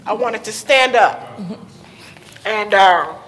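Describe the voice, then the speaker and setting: A woman's voice: mid-range voice, animated, slow pace, fairly bright tone. A woman speaking at a conference panel, telling a personal story as a mother, candid and nervous, close to tears at times. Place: conference hall with audience. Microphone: handheld microphone.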